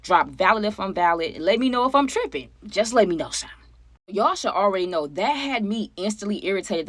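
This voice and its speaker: A woman chatting casually to her viewers as she tells a personal story, animated and conversational, often asking them for their opinions. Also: fairly low pitch, dry recording. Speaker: storytime vlogger.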